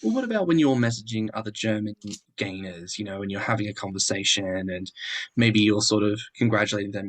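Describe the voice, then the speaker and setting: A man's voice: lowish voice, animated, a little fast. A man co-hosting a podcast, asking the guest questions in a playful, teasing way. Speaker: podcast co-host.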